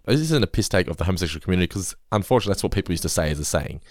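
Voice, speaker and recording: A man co-hosting a podcast in casual chat. He acts out quotes loudly, animated and swearing a lot. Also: low-pitched, rapid-fire, no room sound, clean studio sound. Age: adult, parent of a young child. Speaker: podcast co-host.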